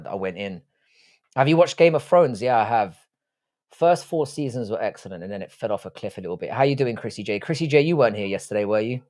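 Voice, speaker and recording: An Irish man hosting a live stream, chatting casually and reading out viewer comments, blunt and swearing freely with a self-deprecating edge. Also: on the low side. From Ireland. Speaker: livestream host.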